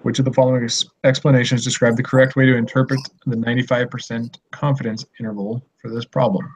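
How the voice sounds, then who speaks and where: A young man in a student study group on a call, measured and deadpan as he works through problems. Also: medium pitch. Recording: dull audio with faint noise.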